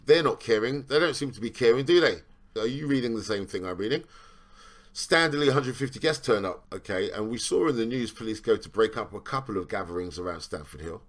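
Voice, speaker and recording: A man's voice: medium pitch, animated, fairly quick, fairly bright tone. Sarcastic man reading a news article. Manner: rambling, repeats "right?" for emphasis; sarcastic, questioning. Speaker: vlogger commenting on a news article. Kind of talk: reading aloud and commenting.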